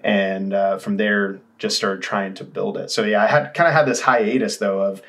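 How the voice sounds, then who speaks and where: A man's voice: lowish voice, fairly even intonation, normal speed, fairly bright tone. A man in his thirties, a musician guest, telling his story candidly in a casual interview, rambling with restarts.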